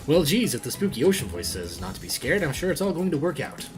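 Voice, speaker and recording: A man's voice: a little high, sing-song, quick pace, over music. A man hosting a gaming video, reading a dating game aloud with wry, joking asides.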